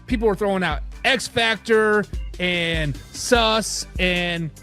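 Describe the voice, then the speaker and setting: A man hosting a live sports talk show, reading fan comments and ranting in a casual, animated way. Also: sits high, slow pace, soft background music.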